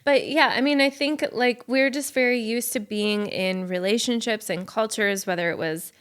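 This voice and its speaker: A woman's voice: a little high, moderate pace, fairly bright tone, clean tone. Female podcast co-host from Minnesota, earnest and thoughtful in casual talk.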